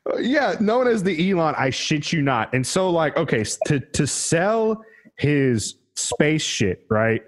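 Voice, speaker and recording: A man's voice: a little high, very animated, unhurried. A man co-hosting a podcast, telling history in a casual, profane, rambling way and laughing at his own jokes. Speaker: podcast co-host. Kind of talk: casual comedic history chat.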